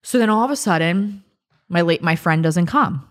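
A woman's voice: on the low side, lively intonation, moderate pace. A woman in her thirties casually telling a personal story on a chat podcast, full of fillers and acted-out quotes. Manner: chatty, many fillers, acts out quotes. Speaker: podcast co-host.

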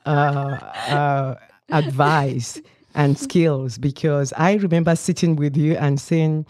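A woman hosting a podcast interview, asking deliberate, appreciative questions. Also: low-pitched, fairly even intonation, darkish tone. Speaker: podcast host.

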